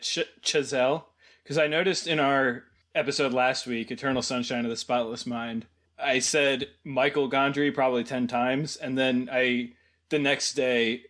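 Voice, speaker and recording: Dude cohosting a film podcast, dry deadpan jokes, easygoing chat. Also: male voice, mid-range voice, normal speed. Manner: wry, deadpan humor. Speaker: podcast co-host. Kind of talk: casual chat.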